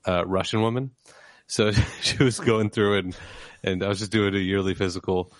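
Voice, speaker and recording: A man's voice: lowish voice, steady tone, moderate pace, no echo. A man hosting a podcast in casual comedic chat, telling long rambling anecdotes and laughing at his own story. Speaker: podcast host.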